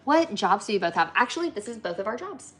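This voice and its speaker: A woman's voice: mid-range voice, very animated, fast talker, fairly bright tone, soft background music. A woman hosting a casual livestream from her workshop, chatty and bubbly, reading viewer comments aloud and laughing often. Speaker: livestream host, flower preservation business owner.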